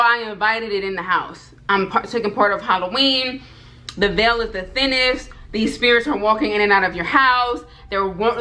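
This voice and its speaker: A woman vlogger telling a personal story to her viewers, animated and repeating herself, talking straight to the audience. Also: fairly high pitch. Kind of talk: storytime vlog.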